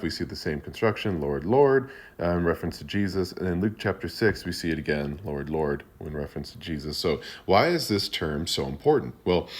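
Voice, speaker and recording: A man hosting a short video, explaining a point of scripture in an earnest, teacherly way with casual fillers. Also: sits low. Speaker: Christian apologetics video host. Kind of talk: casual explanatory talk to camera.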